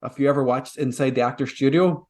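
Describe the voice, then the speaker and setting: A man's voice: medium pitch, fairly even intonation, quick pace, darkish tone. A man co-hosting a podcast in casual chat, rambling and swearing freely as he explains. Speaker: podcast co-host.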